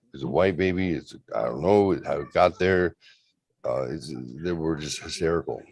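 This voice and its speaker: This man's voice is extremely low-pitched and a little mellow, recorded without room sound. Retelling a spooky tale as host, he rambles casually and raises his voice to perform the people's quoted words.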